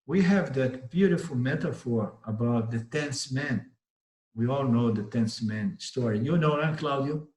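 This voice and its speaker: A man's voice: mid-range voice, unhurried, a little mellow. A man with a Brazilian Portuguese accent gives a spiritual teaching talk, telling stories, repeating and rephrasing himself and acting out the voices of the people in them. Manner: storytelling, repeats and rephrases, acts out voices in the story. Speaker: Vedanta teacher. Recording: roomy echo.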